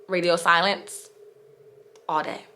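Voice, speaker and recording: A woman's voice: fairly low pitch, level tone, slow, bright, forceful tone. A young woman telling a storytime vlog, candid and exasperated, with frequent "like" fillers. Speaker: vlogger.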